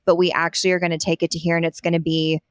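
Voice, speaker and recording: A woman's voice: fairly low pitch, level tone, clear, resonant tone, dry recording. A woman with a Southern US accent talking enthusiastically in a casual panel chat, running her thoughts together. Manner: enthusiastic, gushing, fast run-on sentences. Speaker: loss prevention industry advocate on a company podcast.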